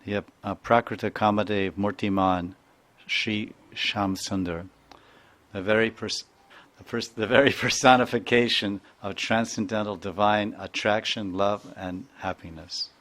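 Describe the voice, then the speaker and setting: A man giving a devotional lecture as a spiritual teacher, chanting verses and imitating sounds in a playful, animated way. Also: fairly low pitch, unhurried. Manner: animated, playful, mimics sounds and voices, chuckles often.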